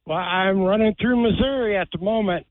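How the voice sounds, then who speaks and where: Folksy drawling guy calling in, tinny phone line, bit high voice. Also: a little fast, dry recording. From Ohio. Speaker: caller.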